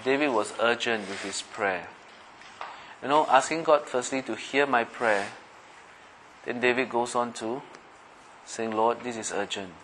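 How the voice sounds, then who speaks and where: A man's voice: mid-range voice, a little slow, long pauses, fairly bright tone, a little hiss or hum, rough recording. A middle-aged man preaching a conversational sermon, often checking in with his listeners by asking them questions. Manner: conversational, asks the listeners questions, acts out everyday voices. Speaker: pastor.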